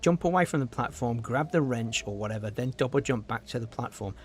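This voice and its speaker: A man's voice: mid-range voice, lively intonation, brisk. A young British man chatting casually on a gameplay livestream, reading chat aloud and rambling with frequent ums while fighting off hiccups. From Britain. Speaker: streamer. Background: game music.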